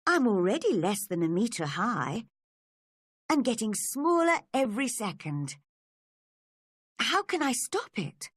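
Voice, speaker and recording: A woman's voice: fairly high pitch, very animated, slow pace, pauses often, husky, no echo, clean studio sound, exaggerated voice. A woman reading a storybook, voicing a curious young girl who is easily upset, in a wondering, fretful way. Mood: worried.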